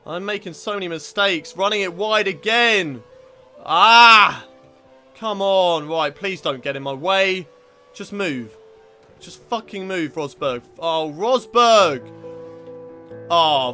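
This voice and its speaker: Brief: young British gamer guy, high-pitched, sweary and easily riled, live racing commentary over faint game music. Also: measured pace. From Britain. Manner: frustrated, sweary, shouts at rival drivers. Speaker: gaming YouTuber.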